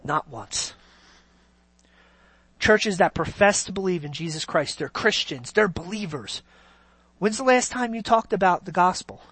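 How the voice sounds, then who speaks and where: A preacher delivering a sermon, swinging between loud, drawn-out emphasis and quiet, near-whispered lines. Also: medium pitch, animated, slightly rough, dry recording. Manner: slow, drawn-out stresses on key words.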